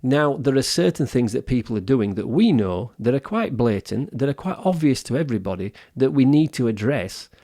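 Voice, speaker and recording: A gravelly-voiced man in his fifties makes his points on a wellbeing podcast. His pitch sits mid-range for a man, and he talks earnestly and opinionatedly, often restarting his sentences. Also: big pitch swings, fairly quick, few pauses, dark tone. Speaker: podcast co-host. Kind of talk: casual podcast discussion.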